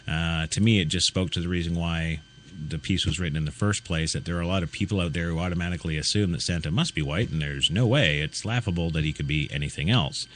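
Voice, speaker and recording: A man's voice: low voice, a bit bright, slight background noise. A man hosting a talk radio show, ranting in an indignant, sarcastic way full of rhetorical questions. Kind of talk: ranting opinion commentary.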